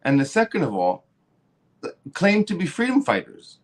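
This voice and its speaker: A man's voice: high-pitched, huge pitch swings, moderate pace. A man hosting a podcast, ranting heatedly with constant swearing and repeated words. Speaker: podcast host. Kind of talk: profane political rant.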